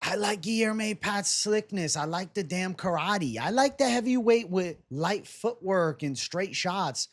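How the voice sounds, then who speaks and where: A man's voice: high voice, lively intonation. A young man casually breaking down fight predictions and betting odds on his own show, joking and swearing as he goes. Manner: casual, fast-talking, swears and jokes. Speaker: MMA betting analyst.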